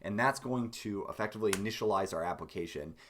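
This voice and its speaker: Raspy-voiced man coding on a live stream. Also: on the low side, fast talker, a bit bright, a little hiss or hum. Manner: rambling, hesitant, many ums and restarts. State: hoarse with a cough, lower energy. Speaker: game dev streamer. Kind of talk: live coding tutorial, thinking aloud.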